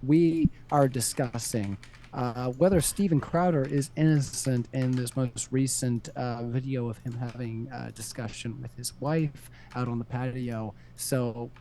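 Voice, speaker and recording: A man's voice: mid-range voice, fairly even intonation, unhurried, mellow, a little hiss or hum. A man moderating a live stream, reading out paid chat messages on a close mic and laughing often. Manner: reads donations aloud, laughs often, chipper. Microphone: close desk mic.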